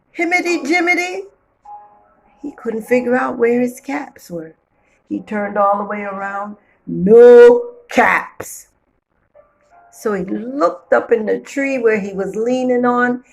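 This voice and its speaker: A woman reading a children's storybook aloud with playful, expressive storytelling. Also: medium pitch, gravelly, rough recording.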